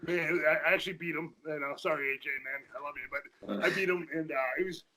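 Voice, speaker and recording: A man with a bright, slightly high voice tells old gym stories in a quick, casual rush. He swears freely and keeps circling back with restarts. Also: steady tone, rough recording. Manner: fast, profane, repeats himself in restarts. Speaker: podcast guest, former powerlifter. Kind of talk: casual chat.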